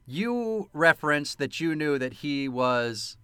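A man with a fairly high, smooth voice speaks at a slow pace in studio-quality audio with no echo. He's co-hosting a casual film-review chat, telling anecdotes with plenty of profanity and laughter in an animated manner.

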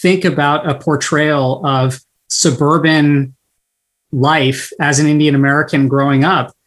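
A man's voice: fairly high pitch, fairly even intonation, fairly bright tone. A man hosting an interview, asking long questions in a thoughtful, searching way. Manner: thoughtful, slow, searching phrasing with restarts. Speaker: interview host.

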